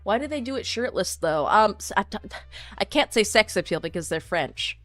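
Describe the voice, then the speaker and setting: A woman streamer in casual chat reading viewer comments, animated and opinionated, with lots of fillers. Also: mid-range voice, normal speed, no room sound, soft background music.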